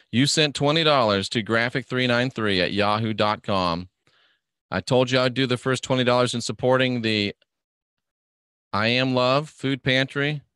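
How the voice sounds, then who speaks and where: A man's voice: mid-range voice, measured pace, pauses often, a bit bright, clear, resonant tone, no room sound, studio quality. A middle-aged man hosting a casual live stream, reading viewer questions and rambling in an offhand, joking way. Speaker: livestream host reading viewer comments.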